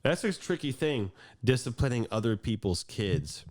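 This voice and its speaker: A man's voice: mid-range voice, sing-song, normal speed, a little mellow, no room sound, studio quality. A man co-hosting a podcast, talking in a laid-back, hesitant way with many fillers. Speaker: podcast co-host. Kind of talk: casual chat.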